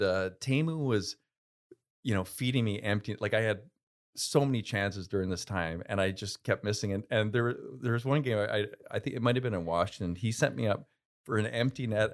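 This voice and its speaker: A man's voice: fairly low pitch, normal speed. A man guest telling stories in a casual interview, laughing often, repeating himself and teasing. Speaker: former player, guest.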